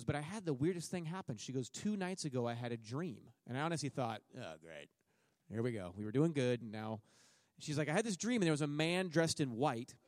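A mid-range male voice comes through in a dry, studio-quality recording. The middle-aged speaker, a missionary addressing a church, tells his testimony like a joking storyteller, acting out his own words and those of others.

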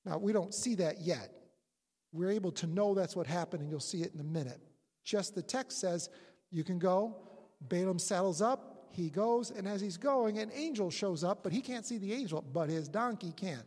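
A preacher delivers a sermon as lively storytelling, the pitch leaping around as they act out characters. The voice has a breathy, husky edge. It is captured with long reverb, as if in a large church hall. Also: normal speed. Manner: storytelling, animated retelling with acted-out quotes.

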